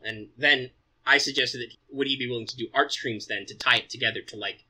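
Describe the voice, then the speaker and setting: A man chatting on a casual podcast with a very bright, forward tone and a husky edge. He lays out plans at length in an upbeat, explanatory way. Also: medium pitch, brisk, poor audio. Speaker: podcast co-host. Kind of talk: casual chat.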